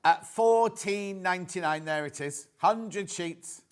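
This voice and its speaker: A man's voice: sits high, slow pace. A British man presenting on a live shopping channel, chatty and prone to repeating words as he reads out viewer messages.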